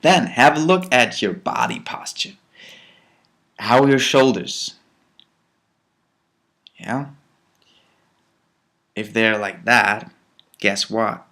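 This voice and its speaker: A man speaks unhurriedly in a casual spiritual talk, his voice sitting at an ordinary middle pitch. He is animated, jumping from loud bursts down to soft, almost whispered asides. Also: slow pace, gravelly, long pauses.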